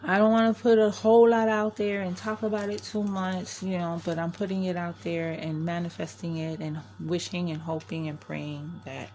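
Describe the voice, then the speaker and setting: A woman's voice: on the low side, flat delivery, normal speed, few pauses, a little mellow, slight background noise. An older woman from New York, a crafting vlogger chatting candidly to camera, rambling and often restarting her sentences. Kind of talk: casual chat to camera.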